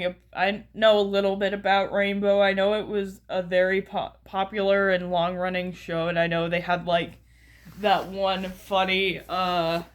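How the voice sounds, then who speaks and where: American woman, casual video commentary, unhurried and rambling, lots of ums and self-corrections, mid-pitched. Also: clean tone. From United States. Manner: rambling, many fillers and restarts, chuckles often. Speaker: YouTuber.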